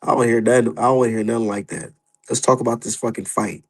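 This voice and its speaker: Gravelly, heated man ranting. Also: medium pitch, fast talker, rough recording. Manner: profane, heated, animated. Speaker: boxing streamer. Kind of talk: casual ranting commentary.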